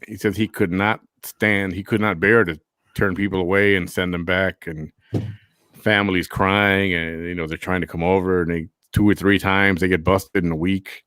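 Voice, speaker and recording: A man's voice: deep voice, little pitch movement, moderate pace, a bit bright, clear, resonant tone, no echo, studio quality. A man hosting a casual chat show, rambling and repeating himself. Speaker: host.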